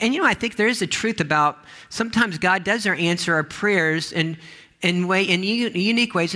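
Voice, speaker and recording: A man's voice: fairly high pitch, bright, forceful tone. A man, a pastor, giving a conversational sermon full of restarts and asides.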